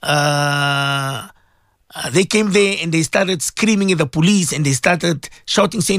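A South African man hosting a radio talk show, speaking in impassioned commentary with emphatic repetition and frequent throat clearing. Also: fairly high pitch, normal speed, fairly bright tone, no echo, clean studio sound.

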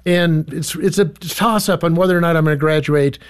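A man guest on an interview, telling a personal story in a self-deprecating, halting way. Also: on the high side, fairly even intonation, smooth. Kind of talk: anecdotal interview talk.

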